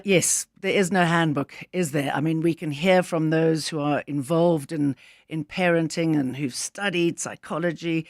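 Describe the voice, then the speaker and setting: Chatty radio host, bright and dry. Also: male voice, a little high, no room sound. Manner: chatty, with frequent restarts and fillers. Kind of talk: casual radio chat.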